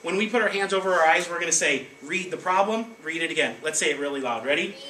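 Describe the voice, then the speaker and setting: A male teacher leads a classroom of children, prompting them with lively call-and-response and brisk instructions. He is picked up from across an echoing classroom, a little distant, with steady room noise behind him. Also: fairly high pitch. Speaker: elementary school teacher. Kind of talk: leading a classroom math lesson. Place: elementary school classroom. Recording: echoey classroom, distant mic, background noise.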